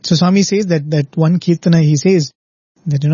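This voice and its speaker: A man gives a reflective devotional talk, his voice somewhat high, husky and mellow. The sound is dry and dull, like a lo-fi recording. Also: fairly even intonation, a little fast, dry recording. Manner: reflective, explains with stories and rhetorical "right?". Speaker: devotional speaker.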